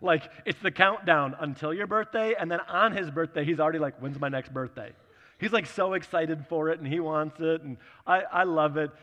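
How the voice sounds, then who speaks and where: Bright, chatty preacher man in a big echoing hall. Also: fairly high pitch, a little fast, hardly any pauses, lo-fi sound. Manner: chatty, animated storyteller acting out the dialogue. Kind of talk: sermon with personal storytelling.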